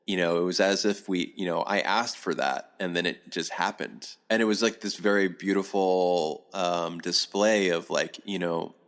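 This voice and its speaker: A middle-aged man, a podcast guest, telling a long rambling story in casual talk, animated and swearing often. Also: low-pitched.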